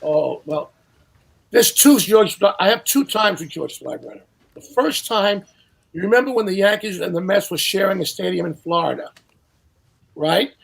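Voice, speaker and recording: An older man telling casual anecdotes as a guest, animated and acting out the people he quotes. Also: high-pitched, normal speed, vocal fry, husky. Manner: animated storyteller who acts out quotes. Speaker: guest storyteller.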